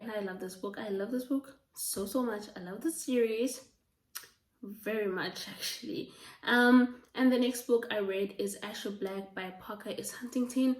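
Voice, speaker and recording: A woman chatting casually about books she has read, gushing and full of fillers, her voice going a little hoarse. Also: mid-range voice, normal speed. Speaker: book reviewer. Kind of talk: casual book review chat. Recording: roomy, from a distance.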